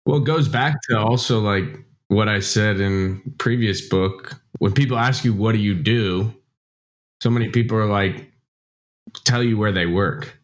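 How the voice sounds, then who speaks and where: A man's voice: fairly low pitch, unhurried. A man co-hosting a podcast, speaking conversationally with many fillers. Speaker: podcast co-host. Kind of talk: casual book-club chat.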